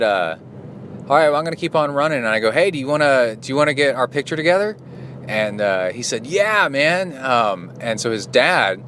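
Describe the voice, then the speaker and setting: Lower-pitched middle-aged man rambling. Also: a bit bright, slight background noise. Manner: rambling, with many fillers and restarts. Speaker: podcast host and triathlon coach. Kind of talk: casual solo podcast recap.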